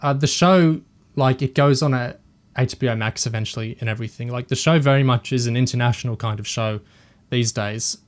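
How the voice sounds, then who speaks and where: A man's voice: medium pitch, fairly quick. Opinionated man on a podcast. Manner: hesitant, restarts often, opinionated. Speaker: podcast co-host. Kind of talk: casual discussion podcast.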